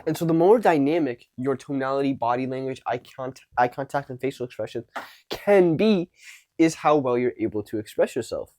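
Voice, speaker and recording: A man's voice: mid-range voice, animated, brisk, dark tone, dry recording. A man coaching on social skills, talking casually to camera and acting out unsure and confident tones of voice. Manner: demonstrates tones of voice, shifting between unsure and commanding.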